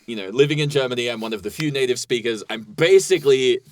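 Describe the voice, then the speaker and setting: A man's voice: medium pitch, fast talker, no echo. A man, an improv comedian co-hosting a podcast, chatting casually in a rambling way and laughing often.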